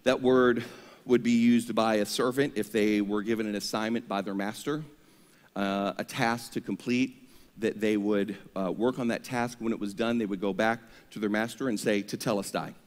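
A male pastor preaching an energetic sermon, leading the congregation in call-and-response. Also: fairly low pitch, normal speed. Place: church sanctuary. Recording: long reverb of a church hall.

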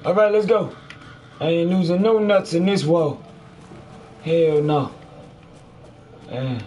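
Loud, crude man doing gameplay commentary. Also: fairly high pitch, slow pace, lo-fi sound. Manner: loud, crude, jokey running commentary with frequent cursing. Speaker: gamer. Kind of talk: profane let's play commentary. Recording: faint background noise.

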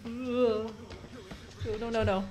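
A woman's voice: a little high, little pitch movement, slow pace, darkish tone. Profane joking woman streaming a horror game. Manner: profane, jokey, reads game notes aloud with asides. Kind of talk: casual gameplay commentary.

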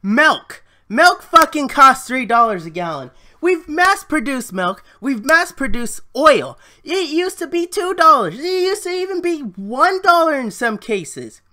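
A woman's voice: high voice, big pitch swings, measured pace, hardly any pauses, sharp tone. A woman in a solo vlog, ranting about the economy in a heated, frustrated way with plenty of swearing. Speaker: vlogger. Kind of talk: solo political rant.

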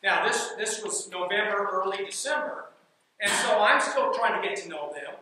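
A man who coaches basketball, telling a team story as an animated speech. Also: high-pitched, normal speed, slight background noise. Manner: animated, builds suspense in anecdotes. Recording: echoey room, mic from far off.

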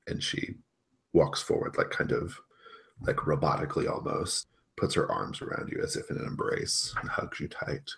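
A man running a tabletop role-playing game, narrating scenes in a loose, casual way. His speech is full of "like" and "kind of". His voice sits very low. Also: animated, moderate pace, gravelly, fairly bright tone. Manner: casual, filler-heavy, laughs a lot. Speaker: game master.

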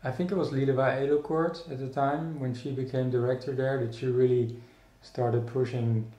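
A man from the Netherlands, appearing as an artist guest, muses in an echoey room during a casual interview. His mid-range voice is flat and mellow, with the highs cut off, and he speaks thoughtfully, haltingly, with frequent restarts and fillers.

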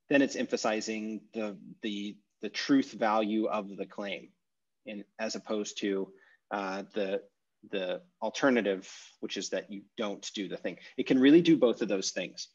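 A man teaching an online language class, thinking aloud with many pauses and self-corrections. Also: on the low side, darkish tone, dull audio. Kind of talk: explaining grammar in a live online class. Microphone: video call.

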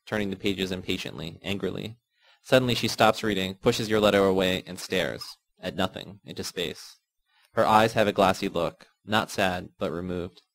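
A man with a fairly low voice narrates a first-person novel. His reading is steady and measured, in the manner of an audiobook. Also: no echo, low-quality recording. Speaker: audiobook reader.

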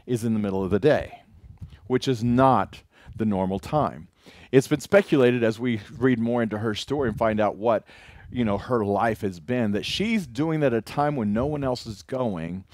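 A man's voice: medium pitch, dry recording, clean studio sound. A man, a pastor, preaching a casual sermon, retelling scripture in everyday words with voiced asides.

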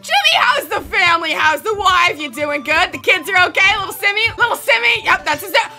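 A woman doing let's play commentary as a gaming channel host, excitable, with shrieking reactions and jokey running gags. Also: extremely high pitch, fairly quick, faint music behind.

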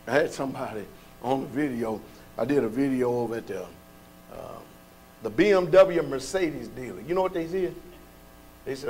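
A male pastor preaching a sermon in a colloquial, folksy way, firing off rhetorical questions and sometimes rising to shouts. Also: mid-range voice, animated, moderate pace, long pauses, a little hiss or hum.

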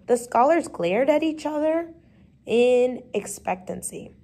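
A woman's voice: high voice, slow pace. Woman reading a children's story aloud. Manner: lively, brief changes of voice for the characters, occasional slips and restarts. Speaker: reader.

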